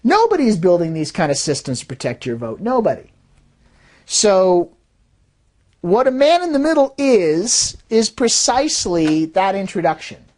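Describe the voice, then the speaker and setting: An animated woman giving an explanatory talk. Her pitch swings widely, rising and dropping as she acts out little quoted voices. She sits in the middle of the usual range for a woman. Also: normal speed. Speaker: fraud detection systems designer.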